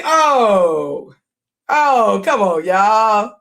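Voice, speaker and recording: A live streamer reacts to a comedy film with loose, chatty commentary. The host laughs often and gets animated when surprised. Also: medium pitch, moderate pace.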